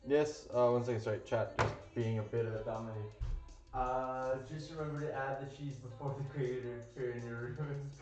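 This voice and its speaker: A man with a mid-range voice chats at a moderate pace and fairly even intonation while cooking on a live stream. His talk is loose and rambling, full of fillers and casual swearing. The recording is roomy and dull, lo-fi, with faint music behind him.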